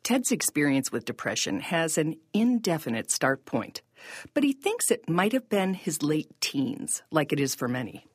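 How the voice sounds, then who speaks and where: A woman with a low, husky voice reads scripted podcast narration in a measured, reflective way. Her pitch moves expressively, and the sound is close and dry. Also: sing-song, dry recording.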